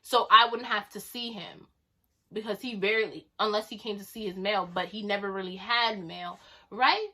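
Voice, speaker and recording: A woman telling a casual storytime vlog in an animated, chatty, slangy way, acting out the lines people said to her. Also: medium pitch, normal speed. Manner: animated, chatty, slangy, acts out quoted dialogue.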